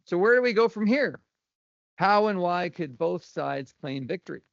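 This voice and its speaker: A man's voice: high voice, expressive, normal speed, vocal fry, no echo. A man giving a university lecture from his notes, with dry asides and some stumbles over his words. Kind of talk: academic lecture read from notes. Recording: dull lo-fi lecture recording.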